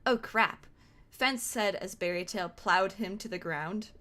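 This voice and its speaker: A young woman streamer reading an old fan roleplay aloud, amused and quick to laugh. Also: medium pitch, sharp tone. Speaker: streamer host. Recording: faint music behind.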